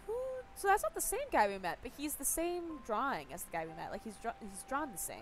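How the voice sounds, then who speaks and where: A woman's voice: a little high, very animated, brisk, few pauses. A young woman gaming streamer giving chatty, playful let's-play commentary and reading game text aloud.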